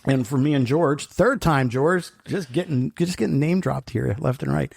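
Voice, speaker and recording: Man, middle-aged, gravelly voice, a bit high, casual rambling storyteller. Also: moderate pace, darkish tone. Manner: rambling storyteller, laughs often, acts out quotes. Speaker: podcast co-host. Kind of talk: casual chat.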